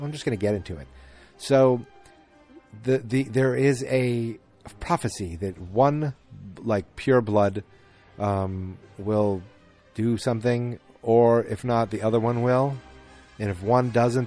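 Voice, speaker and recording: A man's voice: medium pitch, mellow. A man hosting a podcast, casually recapping a film in a rambling way with lots of fillers and restarts. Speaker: podcast host.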